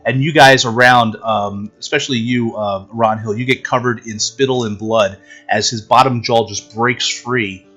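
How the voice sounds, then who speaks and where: A man's voice: mid-range voice, steady tone, normal speed, hardly any pauses, a bit bright, slightly rough, faint music behind. A man running a tabletop game as game master, narrating combat in gory detail and often laughing.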